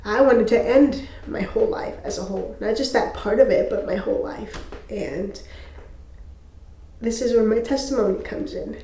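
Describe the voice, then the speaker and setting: A young woman talks to camera in a personal faith testimony, emotional and halting, often pausing and restarting. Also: a little high, mellow. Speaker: faith video host. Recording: echoey room.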